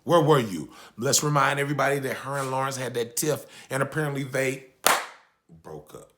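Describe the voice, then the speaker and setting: A man's voice: mid-range voice, fairly quick, fairly bright tone, a little hiss or hum. A man reviewing a TV episode in casual recap chat, joking and swearing, with asides to his wife. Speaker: TV show reviewer.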